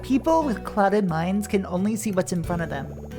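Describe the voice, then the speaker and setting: A woman voicing a lonely young male ghost's game dialogue, reading it slowly, gravely and cryptically. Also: medium pitch, animated, over music, close to an everyday voice. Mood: solemn.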